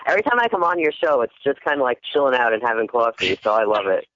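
A man's voice: mid-range voice, sing-song, fast talker, fairly bright tone, lo-fi sound, a little hiss or hum. Upbeat young man with a Jersey accent. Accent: New Jersey. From New Jersey. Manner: easygoing, upbeat, laughs often. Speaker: guest musician promoting his work. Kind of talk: casual radio interview chat.

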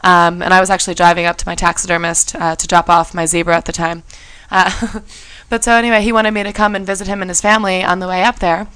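Fast-talking woman telling a story. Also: fairly low pitch, clear, resonant tone, no echo, low-quality recording. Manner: animated, acts out quoted voices. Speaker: show co-host. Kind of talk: casual storytelling chat.

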